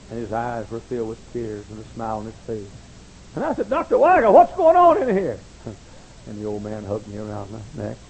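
Through a low-quality recording with a bit of hiss or hum, an older pastor with vocal fry tells lively sermon stories. He acts out the quoted lines in high voices.

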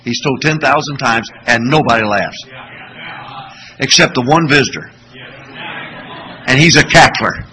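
A man's voice: medium pitch, animated, measured pace, pauses often, pushed and bright, slight background noise, poor audio. A man preaching a sermon in church, telling stories and asking the congregation rhetorical questions. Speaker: pastor.

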